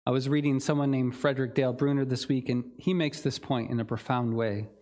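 Guy preaching a sermon, earnest and thoughtful, mid pitch, a few ums here and there. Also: fairly even intonation, a little fast, darkish tone. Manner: earnest, reflective preaching with fillers. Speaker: pastor.

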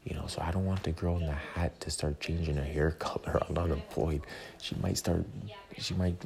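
Very deep gravelly whispering man. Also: fairly even intonation, moderate pace. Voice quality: rambling, whispering. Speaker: podcast host. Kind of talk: whispered casual chat. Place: movie theater during a film. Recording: crowded room, movie audio behind. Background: crowd chatter.

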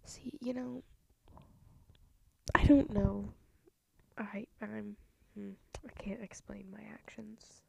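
Gravelly young woman chatting slowly. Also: medium pitch, steady tone, slight background noise. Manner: rambling, offhand, self-mocking. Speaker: podcast host. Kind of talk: casual solo chat.

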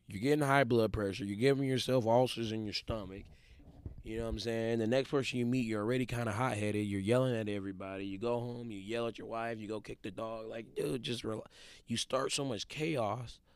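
A man's voice: mid-range voice, a little mellow, dry recording. A man, hosting a podcast with a casual, emphatic motivational monologue and often checking in with his listeners. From Detroit. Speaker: podcast host.

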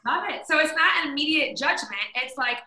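A woman hosts a live-streamed interview, eager and affirming as she reacts to her guest. Her voice sits high and comes across very bright. The room gives it a noticeable echo. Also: brisk. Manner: enthusiastic and affirming. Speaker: host.

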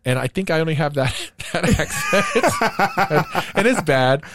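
Lively man co-hosting a podcast. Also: a little high, a little slow, background noise. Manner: animated, laughs often. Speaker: podcast co-host. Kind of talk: casual chat.

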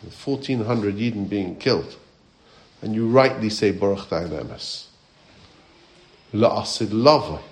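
Man, rabbi teaching a Torah class; questions the listeners, quotes Hebrew and Aramaic sources. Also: lowish voice.

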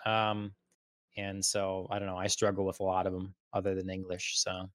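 A man hosting a casual stream chat, relaxed and a bit hesitant, with many fillers. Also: low-pitched, moderate pace, no echo, studio quality. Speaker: stream host.

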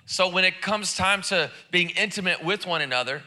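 A man's voice: sits high, moderate pace, pushed and bright. A man preaching a sermon in church, casual and joking, with lots of repeated words and restarts. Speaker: pastor. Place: church service.

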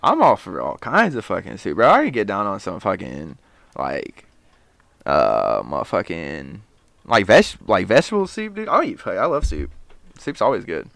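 Young man, casual co-host, animated and profane, dry sound. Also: low voice, moderate pace, gravelly, dry recording. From Ohio, US. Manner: profane, rambling, laughs often. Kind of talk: casual chat.

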